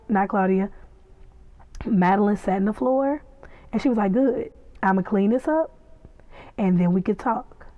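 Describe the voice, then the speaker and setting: A woman giving a casual, excitable recap and reaction, chatty and acting out the scenes as she tells them. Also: medium pitch, no room sound, phone-quality sound. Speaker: podcast reviewer.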